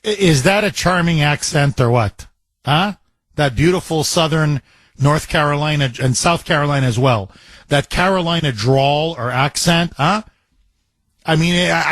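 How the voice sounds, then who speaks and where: A man's voice: on the high side, a little slow, a bit bright, dry recording. A man hosting a talk radio show, emphatic and repetitive, piling up phrases into a studio mic.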